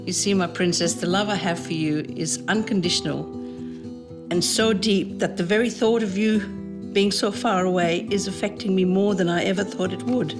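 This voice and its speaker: A woman's voice: medium pitch, fairly even intonation, moderate pace. A middle-aged woman, a mother, reading a tender, pleading letter to her daughter aloud. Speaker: mother of a teen. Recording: interview with loud background music.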